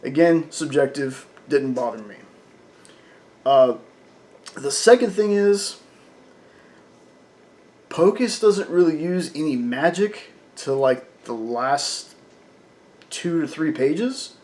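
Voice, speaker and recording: A man's voice: fairly high pitch, expressive, slow pace, long pauses, a little mellow. A man reviewing a comic book in casual talk, chatty and full of fillers, often laughing.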